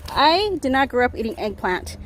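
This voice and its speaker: A woman giving a casual garden tour vlog outdoors, chatty and excitable, laughing often as she talks into a handheld phone. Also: high-pitched, normal speed, slight background noise. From Southern California. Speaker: garden vlogger.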